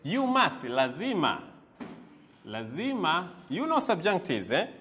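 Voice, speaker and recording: A man teaching a language lesson, repeating words slowly and quizzing the listener as he goes. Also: on the high side, huge pitch swings, a bit bright, slight background noise. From Tanzania. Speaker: Swahili teacher.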